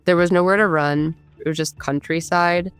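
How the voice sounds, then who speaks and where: This woman in her thirties, originally from Michigan, tells her own story candidly and conversationally, using lots of fillers. Her pitch is fairly low and her tone steady and clean, at a normal speed. The recording has no room sound, just faint music in the background.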